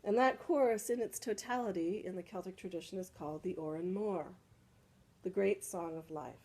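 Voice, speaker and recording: A woman's voice: fairly low pitch, moderate pace, dark tone, rough recording. A woman leading a casual salon discussion, explaining patiently and often checking in with "right?". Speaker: spiritual teacher leading a salon. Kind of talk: casual group discussion teaching.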